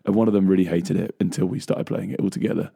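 A man's voice: sits low, steady tone, fast talker, gravelly, mellow, breathy edge. A man co-hosting a casual music talk show, rambling with plenty of fillers and frequent laughs. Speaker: co-host, bass player. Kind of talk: casual chat. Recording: radio show studio mic.

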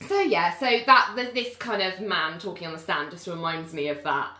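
A woman's voice: on the low side, moderate pace, pushed and bright, roomy sound. A British woman co-hosting a podcast, chatting casually and recapping a TV episode, acting out the characters' lines as she goes. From United Kingdom. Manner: chatty, acts out characters' lines while retelling. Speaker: podcast co-host.

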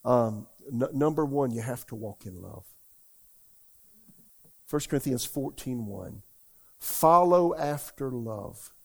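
A man's voice: medium pitch, measured pace, creaky, pauses often, a little mellow, slightly rough. An older man preaching a folksy, rambling sermon in a church, often asking the congregation questions. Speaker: pastor. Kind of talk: conversational sermon.

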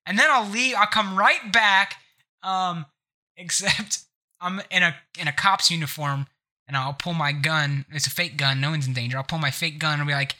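A man hosting a live gaming podcast, telling bits in a playful, animated way. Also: a little high, moderate pace. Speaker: podcast host.

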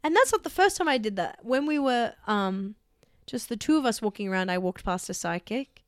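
A young Australian woman co-hosting a podcast, telling stories in an animated way and laughing often. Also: fairly high pitch, fairly quick, clean tone, no room sound, clean studio sound. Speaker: podcast co-host. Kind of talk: casual chat.

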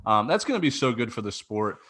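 A man's voice: mid-range voice, big pitch swings, a little fast, pushed and bright. Casual chatty male podcast host. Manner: casual, filler-heavy, enthusiastic. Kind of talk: casual interview chat.

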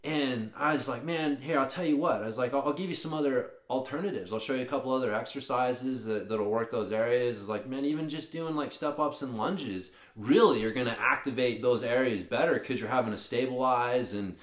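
A man co-hosting a podcast, telling stories in a casual, profane, animated way. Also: medium pitch, brisk, hardly any pauses. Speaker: podcast co-host. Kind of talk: casual chat, storytelling. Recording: roomy echo.

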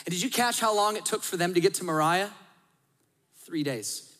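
A man's voice: high voice, lively intonation, moderate pace. Man preaching in a reverberant hall. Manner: dynamic, drops to hushed tones for emphasis. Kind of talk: sermon.

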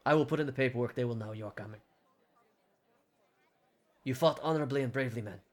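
A stern, commanding inquisitor, as a game master puts him on. He speaks in a measured way with a dry, sarcastic edge, in a mid-range voice. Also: mid-range voice, lightly acted.

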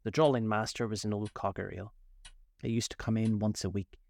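A man's voice: fairly low pitch, steady tone, brisk, gravelly, darkish tone. A man doing a sighing, mournful Mock Turtle. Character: melancholy sobbing male Mock Turtle, sighing.

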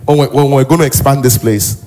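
A male pastor with a Nigerian accent preaching a sermon emphatically, rising into shouts and sing-song. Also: medium pitch, fairly quick, faint music behind.

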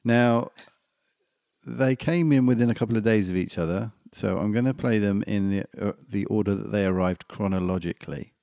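A man's voice: on the low side, moderate pace, gravelly, no room sound, studio quality. A man co-hosting a podcast, chatting casually in an easygoing way. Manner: easygoing, relaxed, says "mate". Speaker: podcast co-host. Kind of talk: casual chat.

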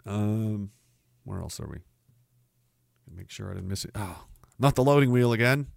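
A man's voice: on the low side, animated, normal speed, creaky, no echo. A man from Canada hosting a livestream podcast, ranting in a sarcastic, scornful way. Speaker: podcast host.

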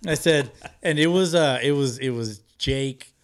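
A man's voice: medium pitch, a little slow, smooth. A man in casual podcast chat, telling a long story with plenty of swearing. He talks loosely and laughs through his own story. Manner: profane, animated storytelling with lots of laughing. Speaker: podcast co-host.

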